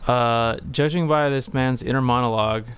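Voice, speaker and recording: A man's voice: medium pitch, moderate pace, fairly bright tone, smooth. A man streaming a game, talking casually in a rambling, hesitant way and swearing now and then.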